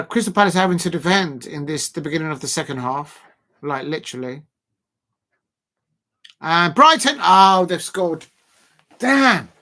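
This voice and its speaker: A man giving rambling, casual live commentary on a match and shouting out viewers by name. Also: high voice. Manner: rambling, chatty, lots of fillers, shouts out viewers. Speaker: live stream host.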